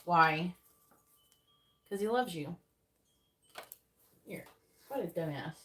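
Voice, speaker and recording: A woman giving a live tarot reading in casual chat. She talks bluntly and swears freely, laughs often, and mutters her card draws in a low, quick undertone. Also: lively intonation, fairly bright tone, slight background noise. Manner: blunt and profane, with frequent laughter. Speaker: psychic tarot reader.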